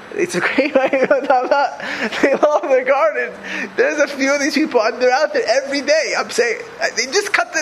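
An older man with a high voice teaches a religious class in a loose, chatty way. He circles back over his points and keeps asking rhetorical questions. A faint hum of the room sits behind him. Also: creaky, fairly bright tone, rough recording. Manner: conversational, rhetorical questions, repeats phrases. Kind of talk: Torah class lecture.

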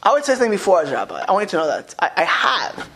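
A man's voice: sits high, wildly swooping pitch, very fast, bright, forceful tone, rough recording. A man teaching a religious class as a rabbi, talking informally, repeating words and acting out quoted speech as he questions his listeners.

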